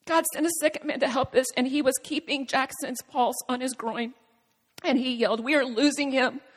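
A woman with a high voice tells a personal testimony, earnest and halting, with long pauses between phrases. Her voice rings out with the long reverb of a large hall. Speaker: speaker sharing a personal testimony. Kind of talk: emotional spoken testimony.

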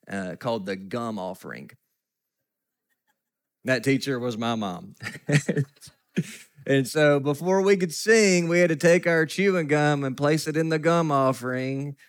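A pastor preaching a sermon, telling stories with self-deprecating humor and now and then laughing. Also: male voice, medium pitch.

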